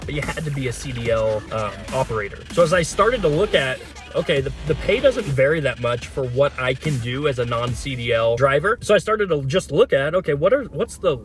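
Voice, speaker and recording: A man hosting a casual explainer video, talking plainly with frequent fillers and restarts. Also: a little high. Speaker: host.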